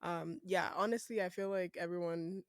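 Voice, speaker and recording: A man from Nigeria hosting a casual interview podcast, playful and quick to laugh as he asks questions. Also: high-pitched, dry recording. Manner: laughs often, animated and playful. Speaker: podcast host.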